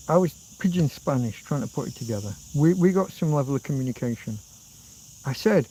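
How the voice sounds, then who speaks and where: A man's voice: mid-range voice, lively intonation, a little fast, warm tone, a little hiss or hum, low-quality recording. A middle-aged man hosting a rambling livestream, reading out viewer comments and answering them as he goes. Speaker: livestream host. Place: outdoors in a rural spot.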